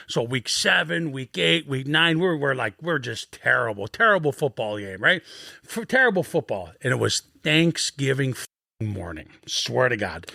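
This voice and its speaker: A man in his fifties telling rough, profane stories as a podcast guest in an animated, swearing way. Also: on the high side, dry recording, clean studio sound. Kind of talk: casual storytelling on a sports podcast.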